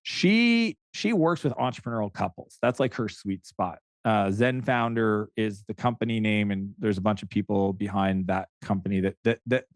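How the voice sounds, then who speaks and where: A man's voice: fairly low pitch, moderate pace, few pauses, no echo. A middle-aged man from Canada, a podcast guest chatting casually, telling stories animatedly with frequent restarts. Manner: animated storyteller who acts out quoted dialogue, frequent restarts. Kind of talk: casual interview chat.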